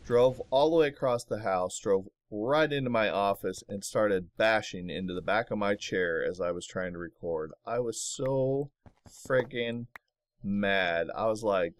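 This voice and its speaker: Low-voiced man muttering through a game. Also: a little slow. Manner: mutters to himself while building, easily aggravated. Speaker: let's play host. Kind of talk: casual gameplay commentary. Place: home office.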